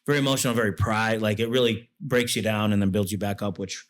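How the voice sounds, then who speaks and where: A man's voice: lowish voice, fairly even intonation, fast. A man talking as an interview guest, a military veteran telling stories in a rambling way with many fillers and restarts. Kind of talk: casual storytelling.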